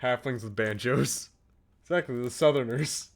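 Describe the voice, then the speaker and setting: A man's voice: medium pitch, moderate pace, creaky. An American man streaming a farming game, chatting in a rambling, jokey and crude way to his viewers. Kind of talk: casual gaming commentary.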